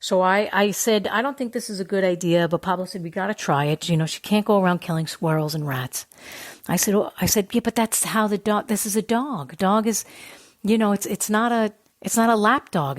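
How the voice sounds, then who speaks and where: A woman telling a casual personal story about her dog, animated, acting out the voices of the people in it. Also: mid-range voice, fairly quick, dry recording. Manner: animated, acts out quoted voices. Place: New York City.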